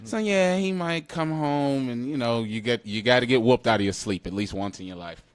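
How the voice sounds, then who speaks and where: A man, co-hosting a podcast in casual chat, animated and laughing as he acts out quotes. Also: mid-range voice, moderate pace, dry recording. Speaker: podcast co-host.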